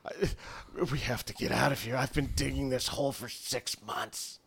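Man doing a gravelly, desperate prisoner. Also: medium pitch, steady tone, moderate pace, a bit bright. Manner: wary, pleading. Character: desperate worn-down male prisoner.

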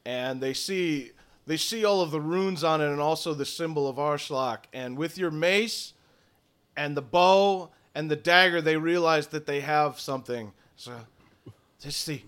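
A man's voice: a little high, unhurried, fairly bright tone, clear, resonant tone. A man narrating a tabletop game as game master, loose, profane and playful.

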